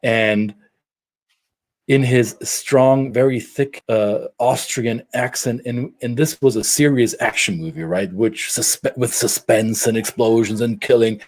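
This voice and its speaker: A middle-aged man from Germany, telling stories in a casual podcast chat, animated and prone to restarts. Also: medium pitch, measured pace. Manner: animated storyteller with frequent restarts. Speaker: podcast co-host.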